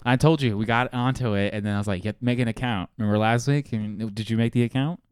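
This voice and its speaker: Loud, profane young man hosting a podcast. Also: medium pitch, steady tone, fast, clear, resonant tone, no echo, clean studio sound. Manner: loud, profane, laughing often. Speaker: podcast host. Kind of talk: casual sports podcast banter.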